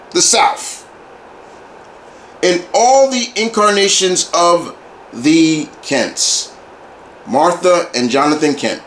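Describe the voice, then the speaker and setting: A man's voice: fairly high pitch, fairly bright tone. A man giving a casual movie review, talking like an enthusiastic fan who often repeats and restarts his phrases. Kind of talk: casual video review monologue. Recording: roomy echo, faint background hiss.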